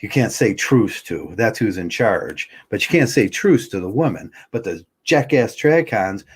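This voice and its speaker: A man's voice: on the low side, big pitch swings, a little slow, husky. A man hosting a livestream, ranting heatedly and bluntly, often stumbling and restarting his words. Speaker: livestream host.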